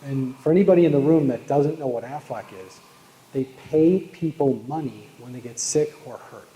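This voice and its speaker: A man's voice: medium pitch, normal speed, warm tone, dull audio. A man with a Boston accent giving a live keynote on sales, telling jokes and stories and calling out to the audience. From Boston, USA. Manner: joking, storytelling, talks to the audience. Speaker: keynote speaker. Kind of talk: live motivational sales talk. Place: large hall at a live event. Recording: echoey hall with long reverb.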